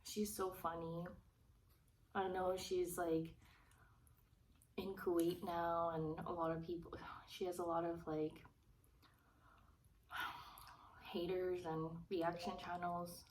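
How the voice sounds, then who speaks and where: A woman vlogger chatting casually during a mukbang, soft-spoken and rambling, pausing between bites. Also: on the low side, flat delivery. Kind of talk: casual chat while eating. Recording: slightly distant mic with faint hiss.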